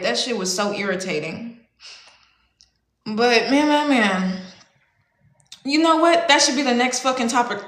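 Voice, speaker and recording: With a mid-range, slightly bright voice, a young woman rambles through a casual livestream chat. She swears, uses slang and laughs frequently, and the room is echoey.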